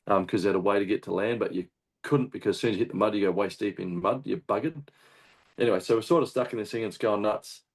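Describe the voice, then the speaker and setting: Low-voiced Australian man telling a story. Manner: animated, swears often, acts out shouted quotes. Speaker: guest hunter. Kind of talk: casual storytelling.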